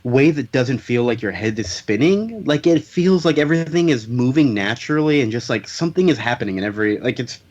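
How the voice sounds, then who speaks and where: A man chats on a comics podcast, breezily recapping plot and tossing in jokes. His voice sits at a middle pitch. The audio is a little dull and lo-fi. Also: animated, a little fast, few pauses, a little mellow. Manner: joking, summarizes plots with playful voiced quotes. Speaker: podcast host. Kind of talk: casual comics podcast chat.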